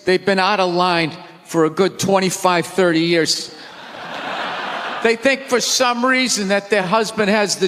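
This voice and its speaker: A man doing a stand-up rant on a big theater stage, loud, exasperated and profane. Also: sits high, slight background noise. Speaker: stand-up comedian. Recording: theater reverb with faint crowd.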